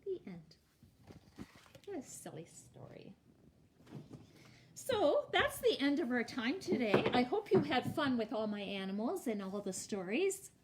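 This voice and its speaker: A woman librarian reading a storybook aloud to young children in a playful, expressive way. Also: fairly high pitch, measured pace, pauses often, background noise.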